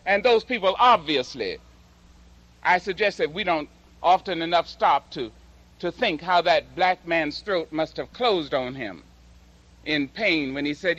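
A woman giving a slow, dramatic public speech and reciting poetry with emphatic delivery. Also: low-pitched, expressive, a bit bright, lo-fi sound. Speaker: public speaker and poet.

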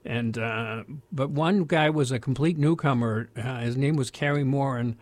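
A man's voice: mid-range voice, normal speed, no room sound. An older American man telling a long personal story in a loose, rambling way, full of restarts and fillers. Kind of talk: casual spoken storytelling.

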